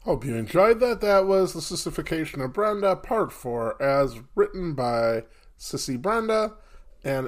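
A man closing out a podcast episode in a loose, casual way. He pauses often with fillers, and his pitch sits in the middle range. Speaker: podcast host. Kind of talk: casual sign-off.

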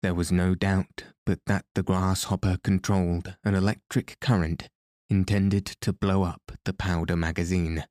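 A man narrating an audiobook in a measured, grave storytelling manner. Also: low-pitched, level tone, darkish tone, dry recording, clean studio sound. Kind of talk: scripted narration.

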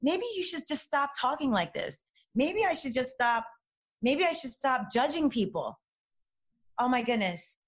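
A woman talking candidly in a casual conversation, animated, with many restarts and fillers. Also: high-pitched, unhurried.

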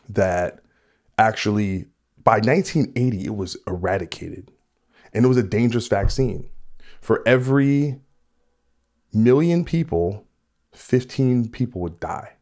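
A man with a lowish voice hosts a podcast and talks in a loose, casual way. He rants with heat and swears freely as he makes his points. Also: darkish tone. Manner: profane, heated ranting. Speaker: podcast host.

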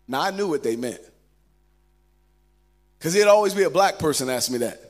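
A man preaching a sermon as pastor, telling stories and shifting between loud and hushed delivery. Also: a little high, lively intonation, moderate pace, pauses often.

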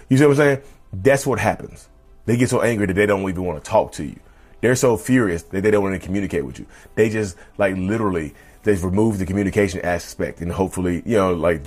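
A man hosting a casual podcast monologue, talking emphatically and repetitively and addressing listeners as y'all. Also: lowish voice. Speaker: podcast host.

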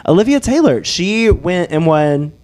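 A man co-hosting a podcast in casual chat, animated and quick to laugh, swearing freely. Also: high-pitched. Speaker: podcast co-host.

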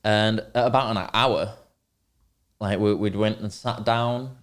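Low-voiced young man. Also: steady tone, slow, a bit bright. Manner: rambling, swearing, banter. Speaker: podcast co-host. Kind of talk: casual chat, storytelling.

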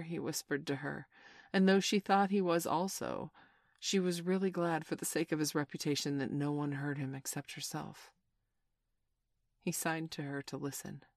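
A woman reading a children's classic aloud as narrator, steady and expressive. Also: low voice, normal speed, dry recording, clean studio sound.

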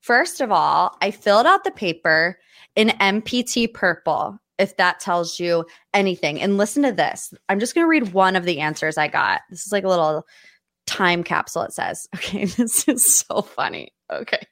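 A woman in her late twenties from the United States hosts a podcast from her studio office, talking in a chatty, gushing way with quick asides. Her voice sits at an ordinary middle pitch. The sound is dry and close. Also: very animated, a bit bright, no room sound. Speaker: podcast host. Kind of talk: casual chat.

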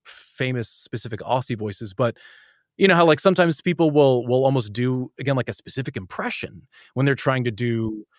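Casting note: American male narrator and voice actor, animated guest chatter, mid-pitched, dry close sound. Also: dry recording. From United States. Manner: animated and eager, quick to jump between ideas. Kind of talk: casual interview talk.

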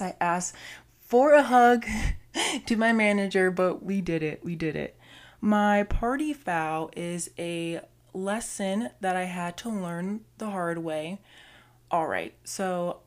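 A young woman, hosting her podcast in a bubbly, gushing, chatty way. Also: lowish voice. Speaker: podcast host. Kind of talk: solo podcast intro.

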